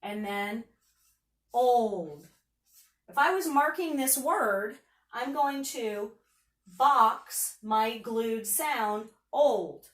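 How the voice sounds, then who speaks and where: A woman's voice: high voice, extremely slow, a bit bright, reverberant, far from the mic. A woman teacher giving a patient phonics lesson, sounding out letters and words for young students.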